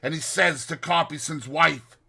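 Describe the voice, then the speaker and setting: A man doing Magwitch, a gruff old convict. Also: fairly high pitch, unhurried, bright, forceful tone, exaggerated voice. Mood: grim. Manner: rough, ungrammatical old-fashioned speech. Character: rough old male convict telling his past. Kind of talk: audiobook reading.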